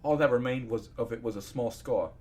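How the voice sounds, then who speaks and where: A man reading fan fiction aloud in a casual, expressive way, breaking off into ranting asides. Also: mid-range voice, fairly quick, a little hiss or hum. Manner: expressive, swings between narration and ranting asides.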